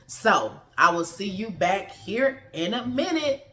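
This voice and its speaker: A woman with a fairly low voice recaps a TV episode in a loose, slangy way, dropping into the characters' lines along the way. The recording has a noticeable roomy echo. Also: sing-song, unhurried, fairly bright tone. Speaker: TV episode reviewer. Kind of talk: casual review vlog.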